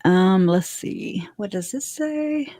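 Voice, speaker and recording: A woman hosting a casual livestream, chatty and giggly, whose voice leaps up high when she gets excited. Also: slow pace, background noise. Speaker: livestream host.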